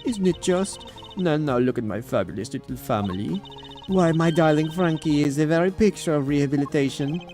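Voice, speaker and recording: A man's voice: a little high, lively intonation, fairly quick, dark tone, faint music behind, pitched above the performer's own voice, natural voice. A man voicing a pompous, gushing older woman prison warden in a put-on French accent. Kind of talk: game dialogue read aloud.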